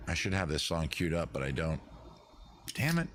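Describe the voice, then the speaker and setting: A man's voice: a bass voice, sing-song, moderate pace, fairly bright tone, a little hiss or hum. A man hosting a casual livestream quiz, rambling with jokey, self-deprecating asides. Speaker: comedy show host running a quiz.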